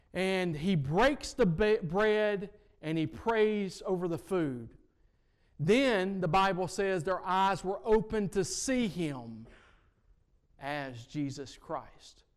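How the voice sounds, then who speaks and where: Guy preaching, tells the story then hammers the point over and over, voice a bit high. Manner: storytelling, rising and falling loudness, repetitive emphatic phrasing. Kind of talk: sermon.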